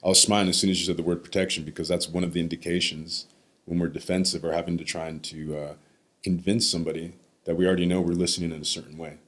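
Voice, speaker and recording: Low, husky-voiced man telling a story. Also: flat delivery, quick pace, a bit bright. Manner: reflective, acts out the voices of others. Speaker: podcast guest. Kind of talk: personal storytelling.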